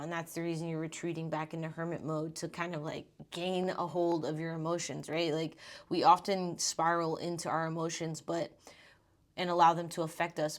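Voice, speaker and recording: A young woman with a low voice reads tarot cards in a loose, chatty way. She talks informally, a little out of breath, and drops the odd swear word along the way. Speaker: tarot reader. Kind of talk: casual tarot reading.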